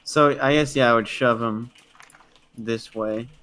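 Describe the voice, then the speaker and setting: Man, tabletop player, bright forward voice, casual, thinks out loud. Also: medium pitch, fairly even intonation, a little slow. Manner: loose, hesitant, thinks aloud. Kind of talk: casual tabletop game chat.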